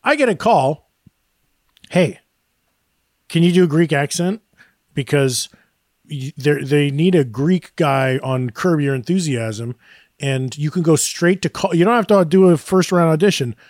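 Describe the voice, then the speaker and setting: A man's voice: a little high, moderate pace, darkish tone, no room sound, clean studio sound. Laughing, rambling man on a podcast. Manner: rambling, self-deprecating, laughs often. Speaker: podcast co-host. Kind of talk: casual chat.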